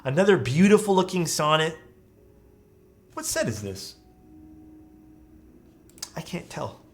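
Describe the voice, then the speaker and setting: Easygoing male streamer with lively pitch. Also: slow pace, a little hiss or hum. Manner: enthusiastic, easygoing, lots of praise. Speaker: streamer reviewing viewers' keyboard photos. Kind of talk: casual live-stream commentary.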